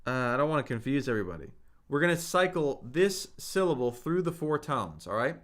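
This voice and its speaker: A man's voice: mid-range voice, very animated, brisk, fairly bright tone. A man teaching a live language lesson, patiently repeating each point and modelling spoken tones for his viewers. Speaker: Mandarin teacher.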